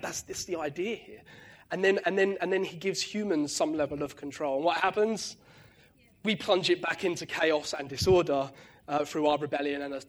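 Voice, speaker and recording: A man preaching a conversational sermon, often checking in with "right?" and restarting his words, with lively bursts of emphasis. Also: a little high, slightly rough.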